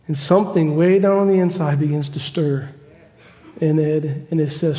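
A man's voice: a little high, normal speed. A man preaching a sermon, telling a story with growing fervor. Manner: storytelling, fervent, rising to loud excitement. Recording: long hall reverb.

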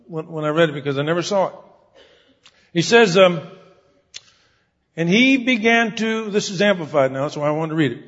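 In a dull, lo-fi recording with long reverb from the hall, a man delivers a sermon, shifting from conversational to emphatic and repeatedly asking his congregation questions. His high-pitched voice is fairly bright, with a breathy edge.

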